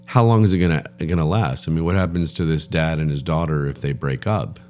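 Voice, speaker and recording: A man's voice: very deep voice, brisk, darkish tone, slight background noise. A man co-hosting a podcast, talking in a joking, rambling way and often repeating his words. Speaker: podcast co-host. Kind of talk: casual chat.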